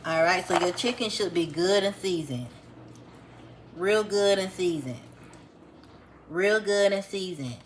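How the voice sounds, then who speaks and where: A woman with a fairly low voice chats her way through a home cooking tutorial, calling out each step to her viewers. Her tone is relaxed and homespun. Clinking dishes and pans are clearly heard in the kitchen around her. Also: measured pace, long pauses, background noise. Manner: chatty, addresses viewers as y'all, homespun instructions. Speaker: cooking vlogger.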